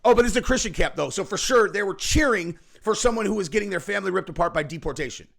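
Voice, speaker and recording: A man with a somewhat high-pitched voice hosts a heated political reaction rant. He curses freely and jabs questions at the viewer, and he keeps asking "okay?" and "right?" between points. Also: expressive, fast talker, creaky, fairly bright tone. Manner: angry, profane, ranting with frequent "okay?" and "right?". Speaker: political commentary host.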